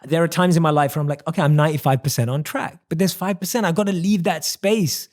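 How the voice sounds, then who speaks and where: Reflective British man, slightly high voice. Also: quick pace, a little mellow. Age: 30s. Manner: reflective, thinks aloud with many restarts and "like". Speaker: podcast host. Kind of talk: casual conversational interview.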